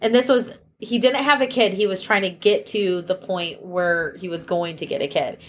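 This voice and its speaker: A woman co-hosting a casual podcast retells a news story in a chatty, storytelling way, acting out what people said with quoted voices. Her voice is fairly low, at a moderate pace.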